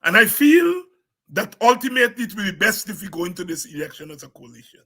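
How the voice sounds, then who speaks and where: High, sharp-voiced Guyanese man rallying. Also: animated, fast, husky. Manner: forceful, emphatic, repeats words for stress. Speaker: political party leader. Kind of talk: impassioned political address.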